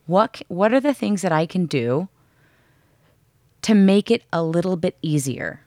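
A woman's voice: on the low side, lively intonation, a little slow, long pauses, a little mellow, no echo, clean studio sound. A woman speaking frankly and with some profanity in a casual coaching chat, acting out the voices in her head during workouts. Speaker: podcast co-host.

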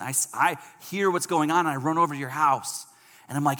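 A male pastor preaching a sermon in a church, animated and emphatic, swinging from loud emphasis to soft, earnest passages. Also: on the high side, brisk. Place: church service hall. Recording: long reverb of a large hall.

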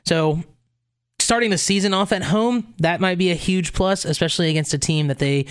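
A man's voice: high-pitched, moderate pace, smooth. A man co-hosting a sports talk show, laying out schedules and stats in an informative way. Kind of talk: sports talk, previewing games.

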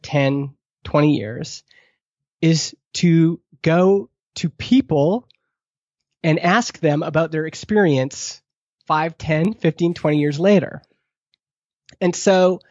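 A man's voice: darkish tone, no echo. A man speaking as a podcast guest in a product marketing role, giving advice and acting out the questions he wants people to ask. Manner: acts out quoted questions, pitch jumping up. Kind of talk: animated advice-giving in conversation. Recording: dull lo-fi dry sound.

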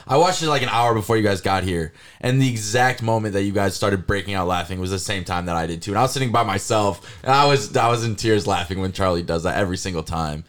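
A man co-hosting a casual podcast, talking quickly and excitedly with lots of "like". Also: lowish voice. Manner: rapid, filler-heavy, excitable. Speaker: podcast co-host.

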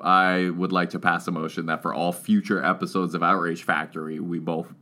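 Deep, bright-toned sarcastic male co-host. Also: level tone, a little fast. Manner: sarcastic, laughing, profane. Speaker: podcast co-host. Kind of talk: casual chat.

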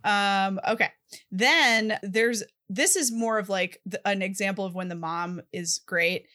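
A woman co-hosting a casual movie chat, calmly retelling scenes in detail. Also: mid-range voice, measured pace.

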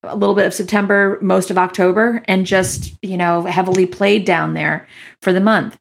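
A woman's voice: medium pitch, fairly even intonation, normal speed, vocal fry. A woman co-hosting a fan podcast, chatting casually with many fillers as she thanks listeners. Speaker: podcast co-host. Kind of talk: casual chat.

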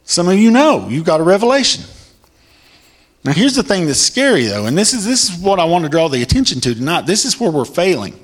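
A man preaching a sermon, reading scripture and commenting on it emphatically, his voice climbing high in excitement and now and then breaking into a shout. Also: fairly quick. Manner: emphatic, pitch swings high when excited.

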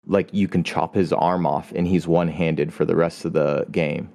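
A young man with a very low voice who talks about a game in a loose, easygoing way. He fills his sentences with "like" and "uh" as he explains things. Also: moderate pace, creaky. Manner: relaxed, filler-heavy, explaining. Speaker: podcast co-host. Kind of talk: casual chat.

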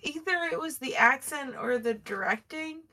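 A woman's voice: high-pitched, moderate pace, pushed and bright. A woman co-hosting a podcast, chatting casually about a TV episode, thinking aloud with hedges and the odd swear. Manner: hedging, thoughtful, swearing. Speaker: podcast co-host. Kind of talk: casual chat recapping a TV episode.

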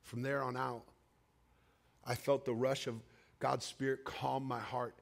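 A man preaching a sermon, telling a personal story with emotional swings between raised cries and hushed, quiet passages. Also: level tone, measured pace, vocal fry, pauses often. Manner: emotional storytelling with sweeping highs and hushed lows.

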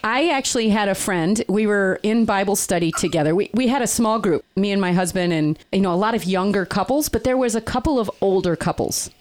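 Middle-aged woman host, casual storyteller, quick to laugh. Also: medium pitch, a little mellow. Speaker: podcast host. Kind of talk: casual chat.

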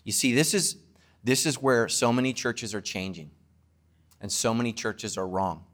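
A man, a pastor, preaching an emphatic sermon to his congregation and closing with a quiet prayer. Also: medium pitch, moderate pace.

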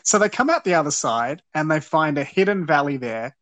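A man's voice: on the high side, animated, fairly quick, fairly bright tone, no room sound. A man hosting a podcast, recounting an episode's plot with an earnest, wry manner. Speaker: podcast host. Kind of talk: casual episode recap.

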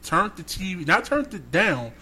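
This podcast co-host has a high, husky voice and talks at a moderate pace. He tells a story in a relaxed, lively way, doing the voices of the people involved.

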